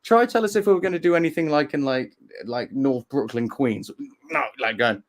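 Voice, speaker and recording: A man's voice: fairly high pitch, big pitch swings, a little fast. A man with an English accent chatting casually as a livestream host, joking and slipping into playful put-on voices. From England. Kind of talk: casual chat.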